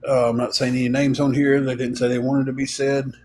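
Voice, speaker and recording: A man's voice: mid-range voice, level tone, fairly quick, a little mellow, a little hiss or hum, low-quality recording. A man, hosting a livestream and telling rambling stories to viewers, full of fillers and chuckles. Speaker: livestream host. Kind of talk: casual storytelling to viewers.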